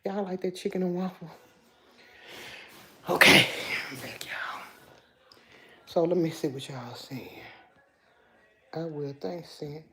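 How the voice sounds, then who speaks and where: Chatting casually with y'all on her livestream, a fifty-something woman with a Memphis accent reads viewer comments out loud. She speaks in a low, mellow voice at a moderate pace.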